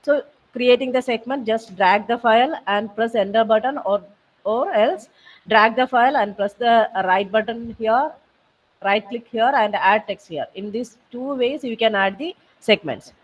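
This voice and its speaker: A woman walks trainees through a program step by step on a video call. Her voice sits a little high and patient, pausing on fillers as she repeats the steps. The sound comes from a distant laptop mic. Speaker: software trainer. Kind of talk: online training session walkthrough.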